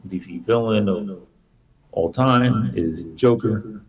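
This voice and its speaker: Casual podcast co-host, young man, low voice, animated, slightly distant dull recording. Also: slow, slightly rough. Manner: animated, laughing, acts out villain quotes. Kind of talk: casual chat.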